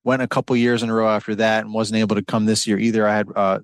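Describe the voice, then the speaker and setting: A man's voice: lowish voice, little pitch movement, fast, dry recording. A man hosting a podcast in casual chat, laid-back and encouraging, laughing often. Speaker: podcast host.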